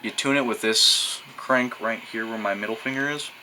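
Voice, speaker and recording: A man's voice: mid-range voice, moderate pace, very noisy. A teenage boy from New Mexico, rambling and hesitant in a casual show-and-tell vlog, swearing freely and using loose slang. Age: teens. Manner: rambling, crude, hesitant with many fillers. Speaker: vlogger showing a gadget.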